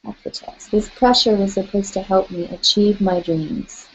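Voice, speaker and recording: Soft-voiced woman guiding tapping. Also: mid-range voice, normal speed, few pauses, highs cut off. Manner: gentle instructive coaching with repeated affirmations. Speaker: EFT tapping guide. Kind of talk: guided tapping session.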